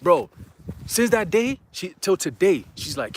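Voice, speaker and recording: A young man tells his testimony to a church in a fairly high, animated voice, loose and slangy, leaning on fillers as he goes. He brings the people in his story to life with quick put-on voices. A faint steady hiss sits under the recording. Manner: casual slangy speech with many "you know" fillers; excitable, acts out quoted voices.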